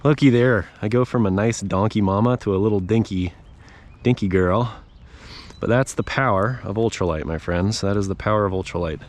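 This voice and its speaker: A man's voice: lowish voice, brisk. A man giving casual running commentary while fishing from a paddle board on a lake, chatting to the fish and his viewers. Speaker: fishing vlogger.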